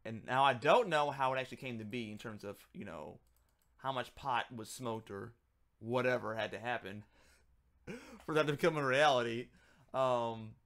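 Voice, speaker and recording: A man's voice: mid-range voice, normal speed, fairly bright tone. A man talking casually on a livestream as he works, rambling, joking and muttering to himself. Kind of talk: casual livestream chat while working.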